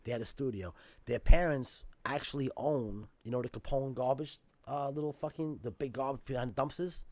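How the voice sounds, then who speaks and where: A man's voice: mid-range voice, a little fast, a little mellow, no echo. A man telling a story in casual podcast chat, emphatic and profane in a street style.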